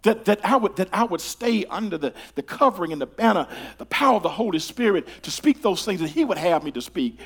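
An older man preaching a sermon in a church, talking to the congregation in a conversational way, with stammered repeated starts that swing from hushed to loud. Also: sits high, animated, brisk, few pauses, slightly rough. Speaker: pastor. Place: church sanctuary.

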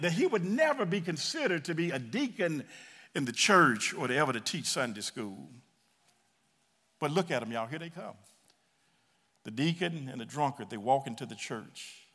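A man preaching a story sermon in a church, animated and talking straight to the congregation, often repeating his words. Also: a little high, in a large hall.

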